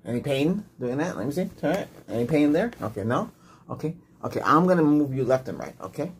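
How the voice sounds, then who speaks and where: A man in a whispered role-play as an emergency doctor, giving soft, patient, gentle instructions. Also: a little high, very animated, fairly quick. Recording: noisy hiss and clicks.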